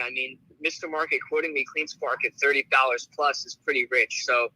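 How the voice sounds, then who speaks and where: A male guest trader who lays out his reasoning step by step, measured and steady, with plenty of "uh" and "you know" along the way. His voice sits at a middling pitch and sounds dry, with no room echo. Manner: measured, explanatory, with hedging fillers. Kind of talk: casual interview chat.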